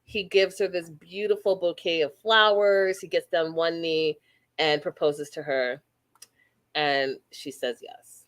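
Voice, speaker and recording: A woman from Canada hosting a casual reality TV recap, blunt and animated, acting out quotes. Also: deep voice, unhurried.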